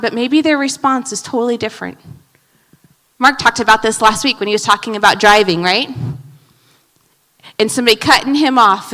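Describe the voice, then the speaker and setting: A woman pastor preaches with a high, bright voice. She swings from loud, punchy emphasis to hushed asides. The sound carries a long reverb from a church sanctuary. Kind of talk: sermon.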